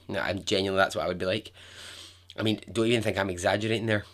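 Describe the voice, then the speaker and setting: Brief: male podcast host, lowish voice, casual storyteller, expressive, lots of side comments. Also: racing. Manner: chatty, expressive, with asides.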